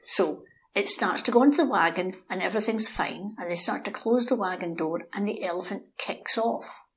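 A woman telling a local story in a lively, animated way, acting out the characters. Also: medium pitch, moderate pace, a little hiss or hum. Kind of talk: anecdotal storytelling.

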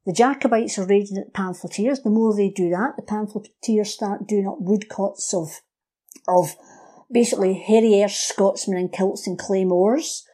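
Mellow-voiced woman telling history. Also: mid-range voice, moderate pace. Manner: lively storyteller who acts out quoted voices. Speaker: guest explaining history. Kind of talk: casual history podcast chat.

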